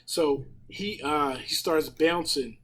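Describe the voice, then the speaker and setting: A man in casual podcast chat, retelling a story in a profane, animated way with a husky voice. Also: fairly high pitch, slow pace, heavy background noise. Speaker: podcast panelist.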